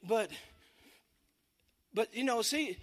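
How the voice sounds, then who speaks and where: A man from East Texas, speaking with that region's accent, delivers a testimony sermon as a singing preacher. His voice is extremely high and he takes it slowly, telling a story and breaking into shouts of praise.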